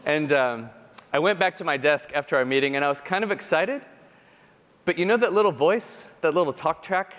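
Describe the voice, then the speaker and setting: A man giving a keynote talk, telling personal stories in an animated, self-deprecating way and acting out the people he quotes. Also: fairly high pitch, fairly quick. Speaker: conference speaker. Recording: long hall reverb.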